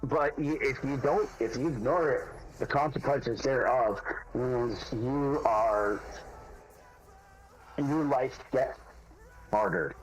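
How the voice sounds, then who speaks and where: A man in casual gaming voice chat, talking earnestly about working with people, with halting restarts. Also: mid-range voice, a little hiss or hum, poor audio. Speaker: foreman talking in game voice chat.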